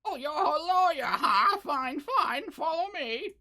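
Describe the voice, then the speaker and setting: A man voicing a gruff male prison guard with a put-on Cockney accent, brusque and loud, for a video game. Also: extremely high pitch, expressive, slow pace, pitched above the performer's own voice, heavily acted. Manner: brusque, shouting.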